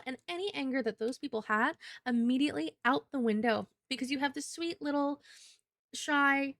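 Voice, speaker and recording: A young woman streamer chatting casually with her viewers, rambling and swearing freely. Her voice sits a little high and sounds close and dry. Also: normal speed, a bit bright, no room sound. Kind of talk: casual livestream chat.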